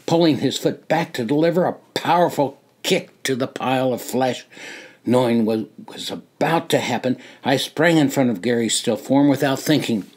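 An older man reading his own memoir aloud, slow and deliberate, rising for dramatic moments and dropping to a hush. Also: mid-range voice, husky. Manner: slow, deliberate storytelling with dramatic rises and hushed drops. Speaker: memoir narrator.

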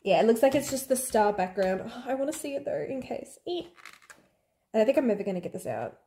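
A young woman vlogger unboxing albums in a room at home, gasping and gushing, often dropping to breathy half-whispered squeals. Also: on the high side, big pitch swings, fairly quick, mellow. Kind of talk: excited unboxing chat.

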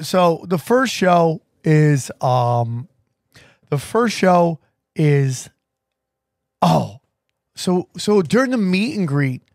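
A man hosting a podcast, telling a road story in an animated way with frequent restarts. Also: a little high, no echo, studio quality. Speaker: podcast host. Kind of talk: casual storytelling chat.

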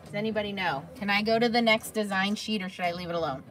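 A woman's voice: medium pitch, fast talker, a bit bright, a little hiss or hum. A woman hosting a crafting livestream, chatting casually and answering viewers' comments by name.

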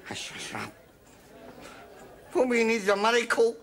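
An actor playing a gloomy, gullible drinking pal with a gravelly voice in a sitcom. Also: male voice, extremely high pitch, very animated, measured pace, crowd noise, full character voice.

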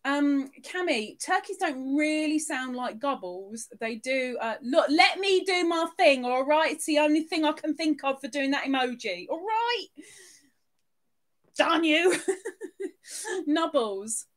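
A giggly woman hosting a live stream, her voice high and bouncing all over the place. She takes her time, reading out each viewer's name and chatting to them one by one. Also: lively intonation, takes it slowly. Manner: bubbly, giggly, reading chat names aloud. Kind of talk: casual live-stream chat, greeting viewers.

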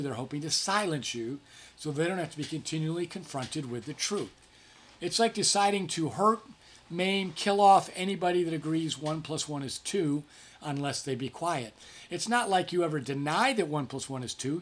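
Conversational pastor, man, slightly high voice. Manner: conversational, frequent "okay?" check-ins; acts out quoted speech with livelier pitch. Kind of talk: devotional Bible teaching.

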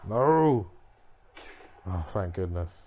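Slow-talking man reacting to a game. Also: low voice, very animated, vocal fry, narrow, tinny audio, background noise. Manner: reactive, muttering to himself, bursts of frustrated yelling. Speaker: gamer playing a wrestling game. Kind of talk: live gameplay commentary.

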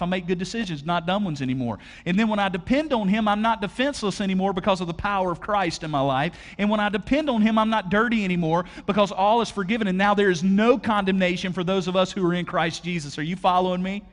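Preacher, energetic and conversational. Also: male voice, fairly high pitch. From Alabama, USA. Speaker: pastor. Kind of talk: sermon. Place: large church auditorium. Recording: long hall reverb.

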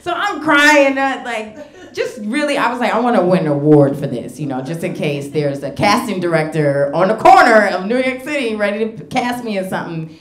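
Animated woman doing stand-up in an echoey club. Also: mid-range voice, normal speed. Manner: animated storytelling, laughing through lines. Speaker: stand-up comedian. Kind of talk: stand-up comedy set. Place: comedy club stage.

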